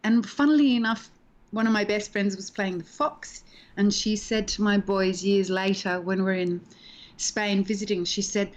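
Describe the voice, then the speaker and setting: Woman, middle-aged, animated storyteller, casual video-call interview. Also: mid-range voice, moderate pace. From Australia. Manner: animated storyteller, acts out quoted voices. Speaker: actress interviewed as guest.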